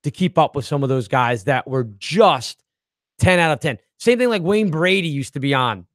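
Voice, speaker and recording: A male podcast host chatting casually and spinning an anecdote. His voice sits high and swings widely in pitch as he acts out the people in his story. The sound is dry and close. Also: expressive, normal speed, fairly bright tone, dry recording. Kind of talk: casual chat.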